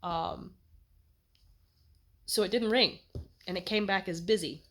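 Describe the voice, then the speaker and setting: A young American woman telling a personal story in a chatty, animated way, laughing as she goes. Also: mid-range voice, slow pace. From United States. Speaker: vlogger. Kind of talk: casual storytelling.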